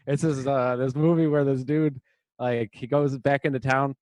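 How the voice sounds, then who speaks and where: A man's voice: medium pitch, steady tone, moderate pace, a little mellow, dry recording. Young man, podcast co-host, loose rambling storyteller, dry close sound. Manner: rambling storyteller, acts out movie lines. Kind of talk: casual chat.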